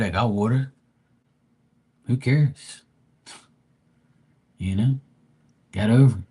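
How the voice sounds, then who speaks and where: A man's voice: fairly low pitch, a little mellow, slightly rough. A man from Bermuda hosting a live tarot stream, ranting bluntly and profanely in casual chat.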